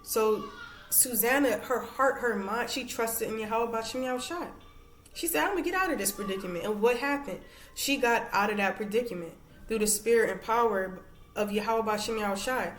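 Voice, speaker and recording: A woman's voice: on the high side, roomy sound, slight background noise. A woman teaching women from scripture in a conversational way, reading verses aloud and checking in with "all right" and "okay". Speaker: women's Bible study teacher.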